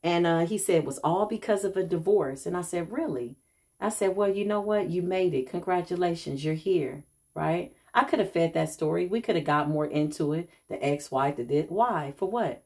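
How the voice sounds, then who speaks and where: A woman's voice: on the low side, normal speed, a little mellow. A middle-aged woman, a self-described healer, telling a casual vlog story and acting out the people she quotes, calling viewers y'all.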